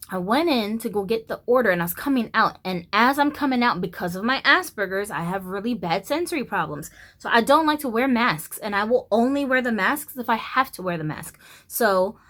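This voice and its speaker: A woman in her thirties from the United States, ranting and telling a story to camera in a blunt, profane, animated way. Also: mid-range voice. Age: 30s. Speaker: vlogger. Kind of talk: casual storytelling rant.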